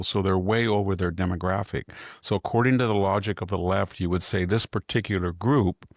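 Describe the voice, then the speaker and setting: An older man talks through politics in a casual, opinionated way, often restarting his sentences. His voice is low and gravelly. The sound is dry and close. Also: dry recording. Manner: rambling, opinionated, frequent restarts. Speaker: podcast host.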